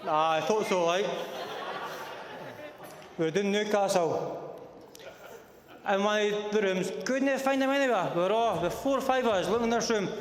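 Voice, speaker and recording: A man's voice: sits high, normal speed, long pauses. A young Scottish man, the best man, giving a teasing, joking speech and mimicking voices in his stories. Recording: echoey hall with crowd. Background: crowd.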